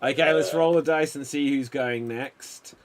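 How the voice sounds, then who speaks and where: A man's voice: medium pitch, unhurried. A man hosting a live improv stream, calling time and picking performers. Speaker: improv show host.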